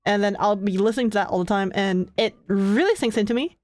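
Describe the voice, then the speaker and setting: A young woman streamer chatting casually with her viewers, relaxed and full of filler words, often laughing between thoughts. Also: medium pitch, fast talker, dry recording, faint music behind. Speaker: streamer hosting her own channel.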